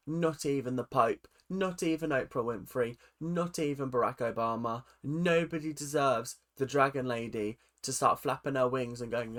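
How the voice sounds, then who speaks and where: A man hosting a reaction video in his bedroom, chatting casually and animatedly, breaking into sudden high outbursts as he mimics reactions. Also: fairly bright tone. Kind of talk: casual commentary.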